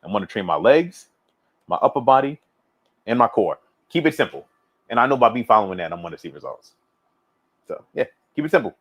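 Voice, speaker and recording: A laid-back man coaching his livestream viewers in a loose, unhurried chat. His voice sits a little low, and he rambles and repeats his points with easy laughs. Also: dull audio. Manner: relaxed, rambling, repeats himself, laughs often. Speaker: fitness coach livestream host. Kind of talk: casual livestream chat reading viewer comments.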